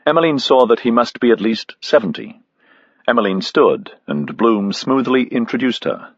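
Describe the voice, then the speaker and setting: A man reading an audiobook aloud as narrator, with measured, expressive delivery. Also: medium pitch, no echo, highs cut off. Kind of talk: scripted narration.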